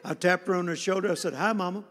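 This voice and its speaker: A man's voice: high-pitched, level tone, quick pace, background noise. A man preaching a sermon, telling a story in a folksy, conversational way. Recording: long hall reverb.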